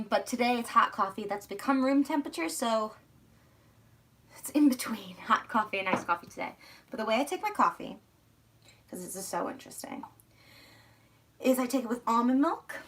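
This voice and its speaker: A young woman from outside Philadelphia with a slight Philly accent, chatting casually and rambling on a livestream while she packs, a little hoarse. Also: fairly high pitch, fairly bright tone. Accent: Philadelphia area. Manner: chatty, rambling, self-mocking. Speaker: vlogger.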